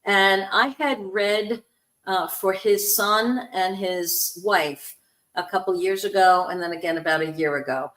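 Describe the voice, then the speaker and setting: A woman hosting a spiritual talk show, telling a story warmly and acting out the voices in it. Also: medium pitch, a little slow, reverberant. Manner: animated storyteller, acts out quoted voices. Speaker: host, spiritual medium.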